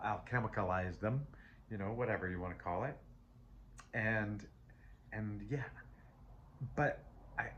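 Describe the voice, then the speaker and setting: Man, lowish voice, casual tarot reading, rambling, self-interrupting, chatty, emotional. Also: a bit bright. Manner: chatty and emotional, laughs often. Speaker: tarot reader.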